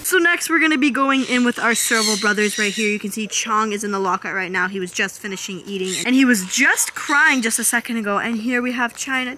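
A young woman keeper casually explaining her animals in a chatty vlog, slipping into high sweet baby talk with them. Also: a little fast, few pauses, sharp tone, slight background noise. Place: outdoor animal enclosures.

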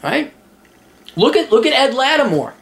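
Blunt, lively man ranting. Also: very high-pitched, moderate pace, creaky. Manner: blunt, profane, animated; reads listener's letter aloud. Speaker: advice podcast host. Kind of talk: casual advice monologue.

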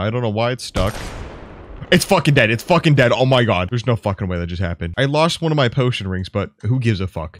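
Foul-mouthed young guy gaming, lively voice. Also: dry recording. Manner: profane, swings from low mutters to loud yelps. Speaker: gaming YouTuber. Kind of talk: gameplay commentary.

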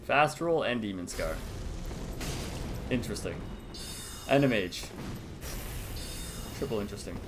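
A young man giving playful gameplay commentary, laughing often and breaking into sudden excited yelps. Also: lowish voice, a little slow, pauses often, music in the background. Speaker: gaming YouTuber.

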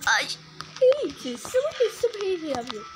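A woman giving excitable, casual gameplay commentary, exclaiming and repeating her words. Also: very high-pitched, unhurried, low-quality recording. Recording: game music playing behind.

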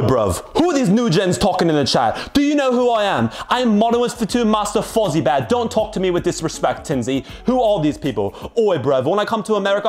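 A man's voice: high voice, a little mellow. A man doing a comedic impression of a boastful young British gamer with a put-on Birmingham accent, swaggering and taunting.

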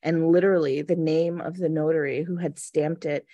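A woman's voice: sits low, steady tone, normal speed, dark tone, no room sound. Earnest woman telling a personal story. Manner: earnest, storytelling, acts out quoted voices. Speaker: manifestation coach, guest. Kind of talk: casual interview conversation.

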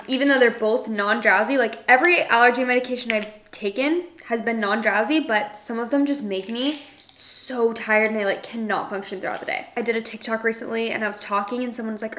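A woman's voice: fairly high pitch, fairly even intonation, fairly quick, a bit bright, a little hiss or hum. A young adult woman talking casually to camera in a chatty vlog, full of "like" fillers. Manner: chatty, filler-heavy with lots of "like". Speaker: lifestyle vlogger and podcast host.

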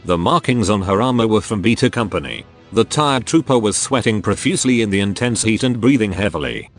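Low synthetic male narrator. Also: a little fast, faint music behind. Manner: flat synthetic reading. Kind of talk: scripted narration.

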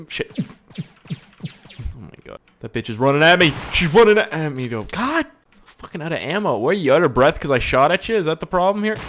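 A man's voice: a little high, a little hiss or hum. A young man from Canada giving crude, joking gameplay commentary with lots of swearing. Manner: crude, joking, swears a lot, lively outbursts. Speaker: gaming YouTuber.

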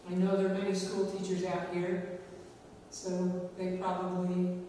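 Slow, echoey woman preaching a sermon. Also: lowish voice, completely flat delivery, warm tone, a little hiss or hum. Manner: measured, dramatic sermon delivery with slow emphatic pauses. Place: large church sanctuary. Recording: echoey church hall, recorded from far off.

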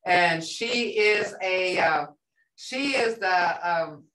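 A woman's voice: fairly low pitch, very slow, bright, forceful tone. A woman teaching a language class, patiently repeating words and sounds for her students. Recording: roomy sound from a distance.

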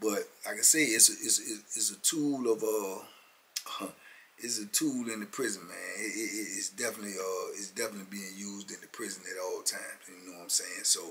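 A man's voice: lowish voice, steady tone, moderate pace, fairly bright tone, a little hiss or hum. A man in his fifties telling prison stories in a casual, emphatic street-talk monologue, often chuckling and tagging lines with "man".

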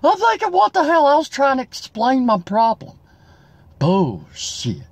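A man's voice: very high voice, huge pitch swings, measured pace, breathy edge, dry recording, exaggerated voice. A comedian playing a broke, worked-up Southern man from South Carolina who rambles and cusses in a drawl, in a comic character monologue. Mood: upset ranting.

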